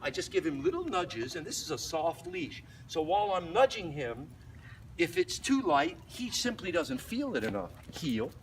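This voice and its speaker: Lively outdoor dog trainer, man. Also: on the high side, normal speed. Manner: explains while walking, breaks off to praise the dog in a light voice. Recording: distant mic, noisy outdoor.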